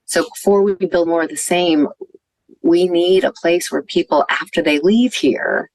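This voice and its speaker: A woman's voice: fairly low pitch, measured pace, dry recording, low-quality recording. A woman physician, giving an earnest conference talk and telling stories with some fillers. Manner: earnest, warm storytelling with fillers. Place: conference venue.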